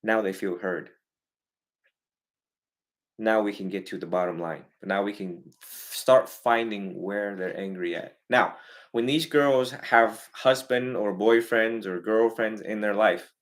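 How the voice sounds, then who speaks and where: Animated man counseling a family. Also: on the low side, measured pace. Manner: animated, swings loud and soft, acts out parents and kids. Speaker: Buddhist monk counseling a family.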